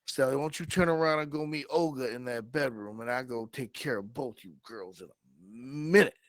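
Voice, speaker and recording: A man voicing a big, muscular ladies' man with a low, cocky drawl. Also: brisk, dry recording, natural voice.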